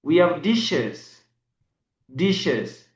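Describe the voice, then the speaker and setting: Slow man teaching in an echoey room. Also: a little high, very animated, lo-fi sound. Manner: slow, spells letters and dot numbers. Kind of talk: braille lesson.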